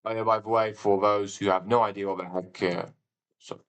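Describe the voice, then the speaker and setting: A man's voice: on the low side, little pitch movement, normal speed, a bit bright, clear, resonant tone, low-quality recording. A man live-streaming a game, talking casually and thinking aloud, with a rambling manner and sudden exclamations. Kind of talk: casual live commentary while playing.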